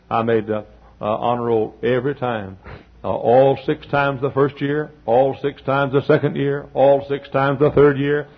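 Older guy preaching, husky voice, climbs to near shouts then gets quiet, muffled old tape. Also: medium pitch. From Texas. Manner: folksy preaching that swells to near-shouted peaks and drops to quiet asides. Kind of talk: sermon. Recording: dull lo-fi sermon tape.

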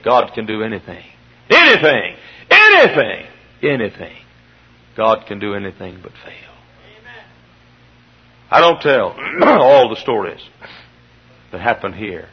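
A middle-aged man preaching a fervent sermon in a church, dropping to low murmurs and then rising to shouted peaks. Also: very animated, measured pace, long pauses, husky. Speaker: pastor. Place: church sanctuary. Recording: dull lo-fi sermon recording.

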